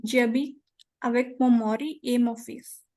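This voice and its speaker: A woman's voice: on the high side, fairly even intonation, a little slow, darkish tone, no echo. A woman with an Indian English accent, a beginner student giving hesitant answers in class.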